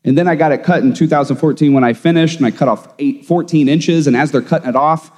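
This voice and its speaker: A man's voice: fairly high pitch, fast. A man who teaches theology, talking casually and emphatically, telling stories in a podcast conversation. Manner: animated, emphatic storyteller. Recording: long room reverb.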